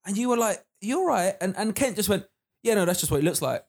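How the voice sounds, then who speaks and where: Male co-host with a high, quick voice; teasing studio banter with lots of laughter. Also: gravelly. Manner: laughs often, teasing, flat low-key delivery. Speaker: podcast co-host. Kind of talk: casual banter. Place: podcast studio.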